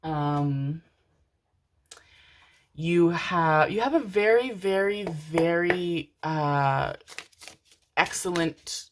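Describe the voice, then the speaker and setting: A young woman with a notably low, deep voice hosting a casual tarot reading to camera. She talks in an affectionate, gushing way, calling her listeners darlings and stacking up repeated words for emphasis. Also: extremely slow, long pauses, noisy background. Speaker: tarot card reader.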